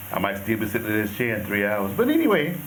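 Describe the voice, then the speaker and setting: A man vlogging casually from a resort balcony, joking and laughing in a laid-back way. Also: fairly low pitch. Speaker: travel vlogger. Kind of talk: casual travel vlog chat. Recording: noisy outdoor ambience.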